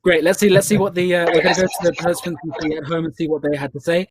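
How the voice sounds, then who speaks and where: A man's voice: a little high, level tone, racing, background noise. A man with a British accent hosting a live online charity quiz, upbeat and full of playful ad-libbed asides. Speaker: quiz host.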